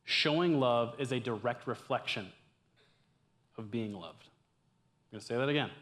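A young man giving a casual, conversational sermon to a campus ministry group, swinging from loud, excited bursts to hushed, earnest lines. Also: medium pitch, measured pace.

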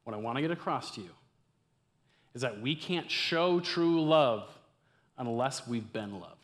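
Young guy preaching to college kids, chatty, goes loud and fast then real quiet, normal mid voice. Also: medium pitch. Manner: animated, conversational, swings from loud to hushed. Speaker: campus ministry preacher. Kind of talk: casual youth sermon.

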